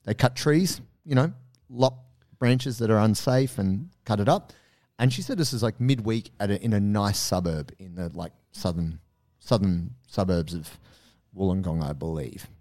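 A man hosting a podcast, telling a story in a casual, animated way, swearing freely and acting out the quotes. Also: on the low side, normal speed. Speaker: podcast host.

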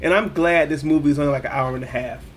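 A man's voice: on the high side, fast, a little hiss or hum. A man in a casual podcast movie chat, blunt and profane, making his points emphatically. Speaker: podcast co-host.

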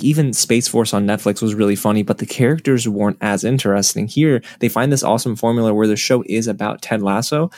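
Quick talking guy on a podcast, low voice, smooth and organized, dry mic. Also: darkish tone, no echo. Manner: fluent, organized. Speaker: podcast guest. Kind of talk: casual chat.

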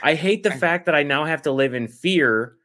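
A man's voice: fairly high pitch, animated, normal speed, fairly bright tone. A man co-hosting a podcast, telling meandering stories in casual political chat. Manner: rambling, meandering storyteller. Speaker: podcast co-host.

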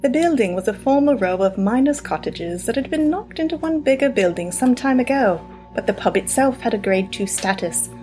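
A woman's voice: on the high side, expressive, fairly quick, hardly any pauses, a little mellow, faint music behind, voice pushed up, natural voice. Woman putting on a light English accent. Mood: storytelling. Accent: put-on English. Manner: self-conscious, light accent.

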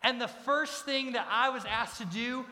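A man's voice: extremely high pitch, normal speed, bright, forceful tone. A middle-aged man preaching a sermon as pastor, emphatic and repeating his key lines. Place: church sanctuary. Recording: long reverb of a large church hall.

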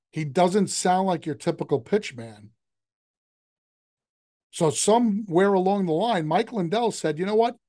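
An older man giving a motivational talk in an emphatic, conversational way, often jumping up in pitch to stress a point. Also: a little mellow.

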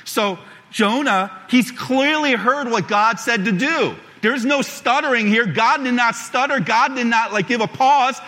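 High-voiced preacher in a reverberant hall. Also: male voice. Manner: measured, steady reading of scripture, then conversational preaching with restarts. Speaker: pastor. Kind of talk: scripture reading and sermon.

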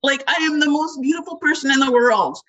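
A woman's voice: sits high, a bit bright, a little hiss or hum. Emotional woman on a muffled call. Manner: heartfelt, halting, many fillers. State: emotional, close to tears. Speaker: audience member on a call. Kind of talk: emotional personal testimony.

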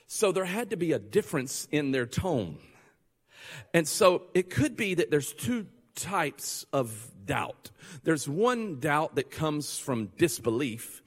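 A male pastor preaching a sermon, joking and conversational, then building to loud, fervent passages. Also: a little high, in a large hall.

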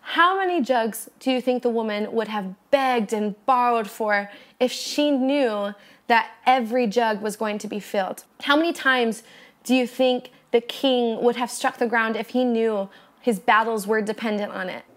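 A woman's voice: a little high, normal speed. A young woman hosting a devotional podcast, preaching in an earnest, encouraging way and speaking straight to her listeners. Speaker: podcast host.

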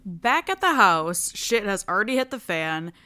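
A woman's voice: mid-range voice, big pitch swings, normal speed, bright, forceful tone. A woman host recapping a reality show in a casual, crude, joking way. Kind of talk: comedic TV recap.

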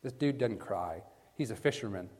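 A man preaching a sermon with emphatic stress, swinging from hushed lines to loud bursts and often asking his listeners "right?". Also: lowish voice, expressive, moderate pace. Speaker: preacher teaching a Bible passage. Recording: long reverb from a large hall.

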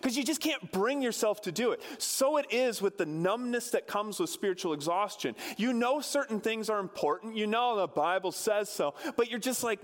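A pastor giving a sermon, retelling a scripture story in a conversational way with touches of humor. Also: male voice, high-pitched, lively intonation, moderate pace, hardly any pauses, big-room sound.

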